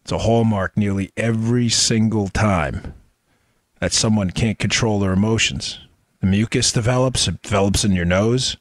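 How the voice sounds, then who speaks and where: A man's voice: fairly low pitch, moderate pace, dry recording. Heated male political talk host. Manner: heated, rhetorical, repeats questions mockingly. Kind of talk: impassioned political monologue.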